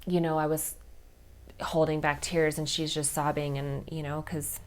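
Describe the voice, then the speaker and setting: A woman's voice: low voice, flat delivery, moderate pace. A woman in her thirties hosting a personal podcast, telling heartfelt stories in a candid, chatty way full of fillers. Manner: candid, heartfelt, many fillers like "like" and "you know". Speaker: podcast host.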